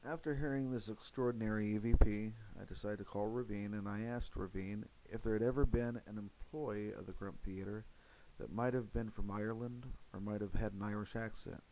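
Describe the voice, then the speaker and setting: Male ghost-hunt narrator, low and warm, earnest, slight hiss. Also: fairly quick, hardly any pauses, poor audio. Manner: steady, earnest, with frequent "uh" fillers. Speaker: paranormal investigator narrating. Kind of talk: narrated voice-over of recordings.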